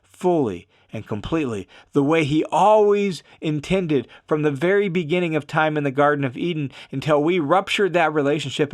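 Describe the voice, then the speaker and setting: A man hosting a devotional podcast, giving an earnest, emphatic reflection and reading scripture aloud. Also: fairly high pitch. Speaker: podcast host and Bible teacher.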